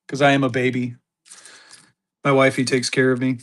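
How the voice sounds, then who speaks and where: Upbeat male livestream seller, slightly high voice, chatty and excited auction patter. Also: quick pace. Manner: excited, chatty, talks straight to viewers. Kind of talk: live auction stream chat.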